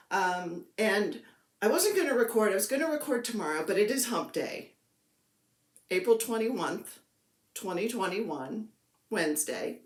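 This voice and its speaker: A woman in her fifties chatting to camera about her crafts, self-mocking and playful, recorded at home. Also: medium pitch. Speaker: craft vlogger. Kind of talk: casual chat to camera. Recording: echoey room.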